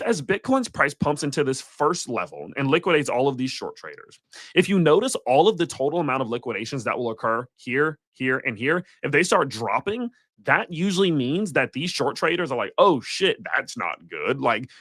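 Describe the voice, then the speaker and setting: Male livestream host, blunt and profane, swooping pitch, dry close mic. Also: big pitch swings, brisk, a bit bright, no echo. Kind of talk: live market commentary.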